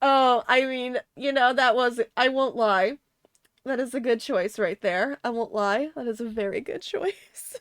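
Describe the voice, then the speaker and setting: A woman's voice: a little high, lively intonation, a little slow, fairly bright tone, slight background noise. A woman streamer giving casual gameplay commentary, giggly and reactive, sometimes swearing. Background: music.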